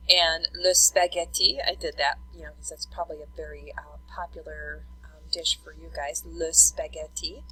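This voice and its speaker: Woman teacher, slightly low and bright, walks a class through vocabulary step by step. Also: breathy edge, low-quality recording. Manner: explanatory, repeats terms slowly for note-taking. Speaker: French teacher.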